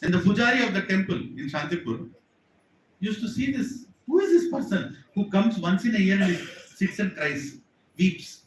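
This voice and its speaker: A man's voice: high-pitched, very animated, normal speed, slight background noise. A man giving an earnest sermon in a temple hall, talking straight to his listeners and repeating his points. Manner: earnest, repetitive, addresses the audience directly. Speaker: preacher. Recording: echoey hall, distant mic.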